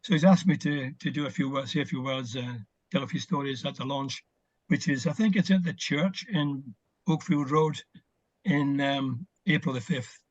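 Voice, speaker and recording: A man's voice: medium pitch, moderate pace, dry recording. Older man reminiscing on a muffled call. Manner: reminiscing, warm storytelling with fillers. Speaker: interview guest, former footballer. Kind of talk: casual video call chat.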